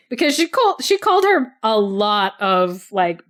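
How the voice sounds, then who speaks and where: A woman's voice: on the high side, very animated, a little slow, a bit bright. Chatty woman retelling a fairy tale. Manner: chatty, laughs often, heavy use of "like". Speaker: podcast co-host. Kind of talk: casual storytelling chat.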